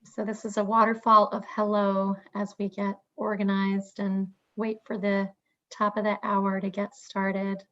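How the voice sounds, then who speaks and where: A woman's voice: mid-range voice, level tone, unhurried, sharp tone. A woman co-hosting a webinar, cheerfully reading out where attendees are joining from over a video call. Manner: upbeat, reads out attendee locations. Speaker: webinar co-host. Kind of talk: casual greetings before a webinar. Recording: dull lo-fi video call audio.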